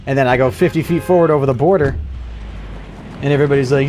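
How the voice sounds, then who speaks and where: An American man streams a game live, giving commentary while cracking crude jokes, laughing a lot and teasing his chat. His mid-range, darkish voice moves at a quick pace, with faint music in the background.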